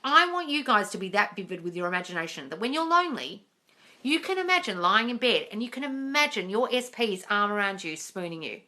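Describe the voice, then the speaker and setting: Woman doing a phone livestream q&a, bright clear voice, calls everyone darling, straight to the point. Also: mid-range voice, very animated, brisk. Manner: direct, reads viewer questions aloud and answers them; calls listeners darling and guys. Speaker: manifesting coach. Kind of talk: live Q&A coaching.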